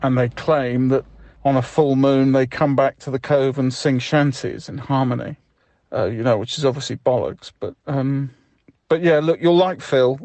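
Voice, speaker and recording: A chatty man leaves an offhand voicemail, tripping over his own words as he restarts. His voice is middle pitched and close, with a dry sound and no room around it. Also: fairly even intonation, moderate pace, darkish tone, no echo. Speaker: friend arranging the job by voicemail. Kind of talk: deadpan comedy voicemail monologue.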